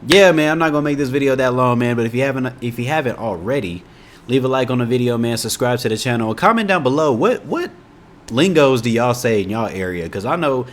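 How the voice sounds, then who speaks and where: Mid-range and animated, this young man's voice moves fast as he reacts to a video for YouTube. He has an Indiana accent and a laid-back, rambling way of telling stories and chatting to camera, peppered with "you know what I'm saying."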